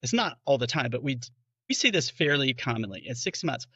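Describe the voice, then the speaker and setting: Bright-voiced doctor explaining to patients. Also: male voice, mid-range voice, big pitch swings, fairly quick, breathy edge, no room sound, lo-fi sound. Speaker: bariatric physician. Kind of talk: podcast interview explanation.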